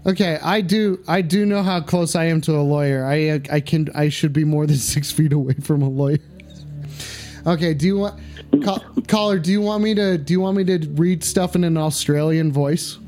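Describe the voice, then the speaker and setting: A high-pitched male host riffing on chat and callers in a loose, profane, jokey way. Faint music plays behind him. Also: moderate pace. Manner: excitable, crude, swears a lot, jokey. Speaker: host of a call-in stream show. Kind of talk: casual profane streaming chat.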